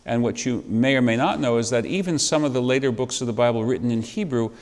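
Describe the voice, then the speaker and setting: A man's voice: mid-range voice, fast, a little mellow. Wry male Bible teacher in a reverberant church space. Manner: conversational, wry asides with chuckles, asks the class questions. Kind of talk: adult education lecture. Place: church classroom.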